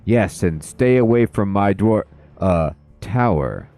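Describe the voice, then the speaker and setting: Dude voicing a haughty rude princess, snippy, dark low tone. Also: male voice, expressive, takes it slowly, faint music behind. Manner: snooty, curt.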